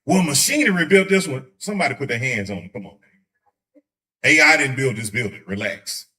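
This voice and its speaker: A man teaching a church Bible study in a casual, joking way, slipping into quick voices to make his points. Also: mid-range voice, lively intonation, sharp tone. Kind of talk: conversational sermon. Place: church sanctuary.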